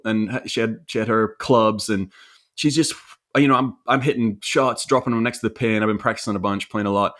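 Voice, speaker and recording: A man's voice: on the low side, steady tone, fairly quick, fairly bright tone. A man in his thirties, co-hosting a podcast, tells a personal family story in a reflective, earnest way with frequent restarts. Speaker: podcast co-host. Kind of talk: casual conversational storytelling.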